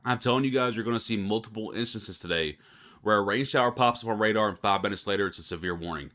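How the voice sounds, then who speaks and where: A man delivering live storm coverage as a weather forecaster, rattling through it at a quick clip in a lowish voice. He is running on almost no sleep, and his delivery stays fairly monotone. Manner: self-described monotone delivery. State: tired from little sleep.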